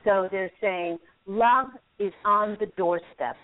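A woman's voice: medium pitch, takes it slowly. Soothing woman radio host on a phone-like line. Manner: warm, soothing and encouraging, with frequent laughs. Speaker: radio host and angel card reader. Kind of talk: call-in radio reading.

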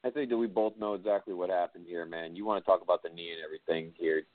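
A man co-hosting a sports talk show, boastful and argumentative, talking fast. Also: low-pitched, fairly even intonation, no echo. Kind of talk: sports radio banter. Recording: tinny phone-like line, dry.

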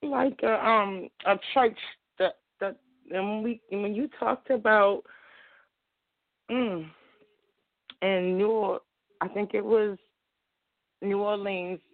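A woman's voice: medium pitch, slow, long pauses, no echo. Overwhelmed woman caller on a phone line. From Baltimore. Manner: overwhelmed and excited, rambling. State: emotional, near tears. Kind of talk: call-in conversation. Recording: dry, tinny phone line.

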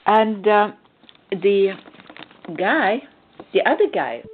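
A woman's voice: medium pitch, big pitch swings, slow, a little hiss or hum. A woman from Sweden, a spiritual coach, giving casual relationship advice through personal stories, emphatic with hesitant restarts. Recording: tinny phone-like sound.

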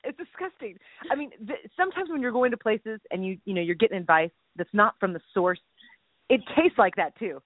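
A woman's voice: medium pitch, expressive, fairly quick, no echo. A woman co-hosting a faith podcast over a phone call, talking in a jokey, rambling way. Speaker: podcast co-host. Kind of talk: casual faith chat. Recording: tinny phone line, dry.

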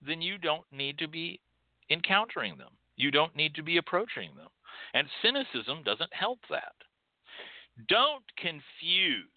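A man's voice: a little high, no echo. A man with a Texan accent hosting a show, delivering an emphatic, scolding monologue. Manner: emphatic, scolding, with mocking quoted voices. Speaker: podcast host. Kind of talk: opinionated monologue. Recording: tinny phone-like line.

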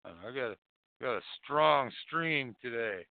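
A man's voice: mid-range voice, expressive, unhurried, vocal fry, dry recording. A man hosting a call-in show, rambling casually with profane, mocking jokes. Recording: phone-like dry lo-fi audio.

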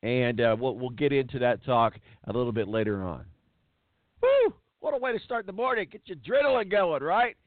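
A man's voice: mid-range voice, very animated, brisk, hardly any pauses, no echo. A man hosting a sports talk show, ranting bluntly and hammering words for emphasis. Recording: tinny phone-like dry sound.

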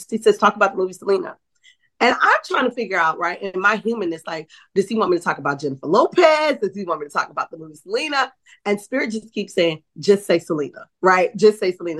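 A middle-aged woman from New Orleans, a psychic medium and author, telling stories as a guest and acting out quoted dialogue, often checking in with "right?". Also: medium pitch. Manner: animated storyteller, acts out quoted dialogue, many "right?" asides. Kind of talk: storytelling in a conversational interview.

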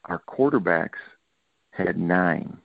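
A man's voice: deep voice, slow, gravelly, no echo. A middle-aged man from Michigan, a football coach, giving a podcast interview and telling stories animatedly, acting out what players said. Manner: animated storytelling, acts out players' quotes. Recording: tinny phone-like line, dry.

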